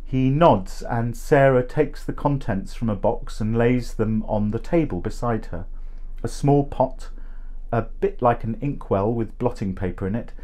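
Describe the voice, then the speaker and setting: A man reading a short story aloud in a measured, expressive way. He takes his time, with a very slow pace, and his voice sits in an ordinary middle pitch.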